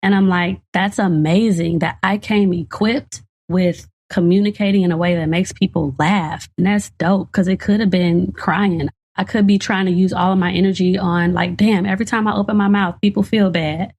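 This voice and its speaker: A woman's voice: lowish voice, moderate pace, few pauses. Laughing woman comedian. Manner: laughs often, animated storytelling. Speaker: comedian and actor guest. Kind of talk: casual podcast conversation.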